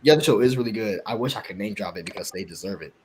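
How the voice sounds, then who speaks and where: A man hosting a podcast, telling stories in casual chat, animated and swearing freely. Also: on the low side, rapid-fire, breathy edge. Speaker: podcast host.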